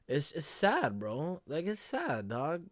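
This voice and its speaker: A man's voice: a little high, huge pitch swings, takes it slowly, no echo, studio quality. Slangy emotional young man reacting. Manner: slangy, says bro and dog a lot, emotional. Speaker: reaction video host. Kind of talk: casual reaction commentary.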